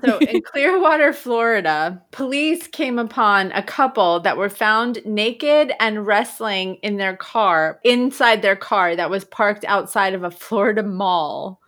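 A woman's voice: medium pitch, a bit bright. A young woman co-hosting a podcast, reading a news story aloud in a casual way. She drops in wry, joking asides as she goes. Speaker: podcast co-host.

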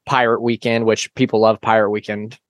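A man's voice: fairly low pitch, flat delivery, brisk, no room sound. A man chatting as a returning guest on a podcast, telling stories with dry, teasing humor. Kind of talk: casual podcast chat.

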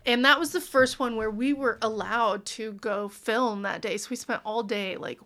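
A woman's voice: a little high, normal speed, fairly bright tone. A woman in her thirties, a podcast guest in casual chat, bubbly, laughing often and acting out her own stories.

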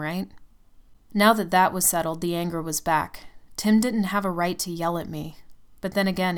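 A woman narrates a first-person story in a low voice. Her tone is smooth and clear, and she reads in an intimate, confessional way.

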